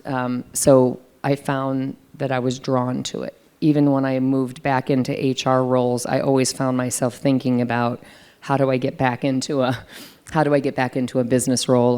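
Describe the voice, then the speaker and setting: Deep-voiced American businesswoman, smooth tone. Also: warm tone. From United States. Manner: conversational, reflective, frequent fillers. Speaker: senior business leader, guest. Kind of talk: fireside chat interview.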